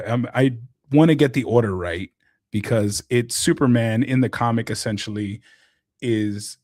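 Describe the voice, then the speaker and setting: Earnest guy on a podcast, heartfelt and reflective, dry room, mid pitch. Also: a little mellow, no room sound. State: emotional, close to tears. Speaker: podcast guest, content creator. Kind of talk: casual podcast chat.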